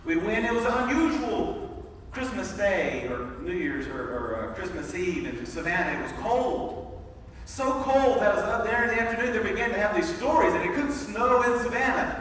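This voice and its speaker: A man's voice: high-pitched, lively intonation, moderate pace, a bit bright, slight background noise. A man preaching, retelling a story in the first person with dramatic build and repeated words. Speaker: pastor. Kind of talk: sermon storytelling. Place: church sanctuary. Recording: echoey hall recorded from far off.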